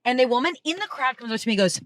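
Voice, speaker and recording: A woman guest in a casual chat in a car, a chatty and lively storyteller who is quick to laugh. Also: high voice. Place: inside a car.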